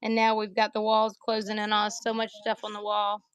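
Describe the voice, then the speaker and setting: A woman's voice: medium pitch, completely flat delivery, brisk, clean tone, no echo, dull audio. A woman with an American country accent, chatting casually to viewers as a livestream seller, joking and calling people by name. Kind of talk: casual live sales chat.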